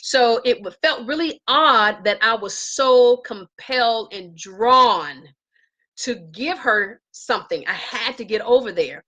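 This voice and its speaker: A woman casually telling a story to live viewers from her home, acting out quoted lines in a higher voice. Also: takes it slowly, dull audio. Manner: animated, acts out quotes in a high voice. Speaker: live-stream vlogger. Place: home with herbs around.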